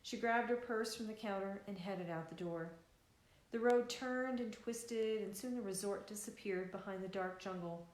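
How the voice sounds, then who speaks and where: A woman author reads her novel aloud, easygoing and unhurried, her middle-pitched voice ringing in an echoey room. She stumbles and restarts a word now and then, keeping it relaxed. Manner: easygoing reading with small restarts. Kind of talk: live reading of a novel.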